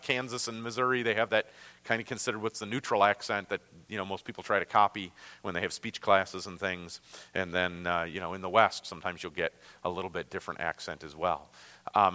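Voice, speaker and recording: A man with a Great Lakes American accent teaching a Bible lesson in an easy, conversational way, often pausing on fillers and restarting his sentences. His voice is bright and carries, and it rings out with a long reverb like a large hall. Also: fairly low pitch.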